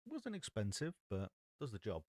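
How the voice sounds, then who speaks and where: A man's voice: lowish voice, wildly swooping pitch, a little fast, dry recording. A man chatting casually on a live stream, reading card text aloud and puzzling over a rule while talking into an XLR mic.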